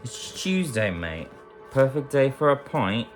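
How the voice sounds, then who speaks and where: A man voicing a cheeky, rough English bloke in a put-on English accent, with brash, slangy banter. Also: medium pitch, sing-song, a little slow, faint music behind, voice pushed up.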